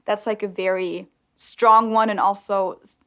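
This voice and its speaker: A woman's voice: mid-range voice, steady tone, unhurried, fairly bright tone, clean tone. A young woman, a non-native speaker of English whose first language is German, co-hosting a podcast in a chatty way with many fillers. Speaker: podcast co-host. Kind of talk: casual chat.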